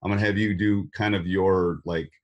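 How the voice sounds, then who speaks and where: A man with a Wisconsin accent hosts a casual podcast interview. His voice sits very low, and he rambles, doubling words and restarting sentences as he goes. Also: steady tone, moderate pace, muffled recording. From Wisconsin, USA. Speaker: podcast host.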